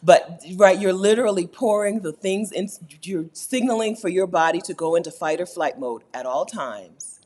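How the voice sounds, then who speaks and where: A woman hosting a casual live stream, reading chat comments aloud, animated and laughing often, repeating her points for emphasis. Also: lowish voice, normal speed, few pauses, slightly rough. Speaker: YouTube host answering live chat.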